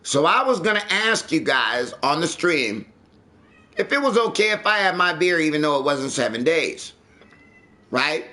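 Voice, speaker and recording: A man's voice: on the high side, big pitch swings, normal speed, bright, forceful tone. A man streaming live, chatting casually and ranting with lots of swearing. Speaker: livestreamer. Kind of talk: casual livestream chat.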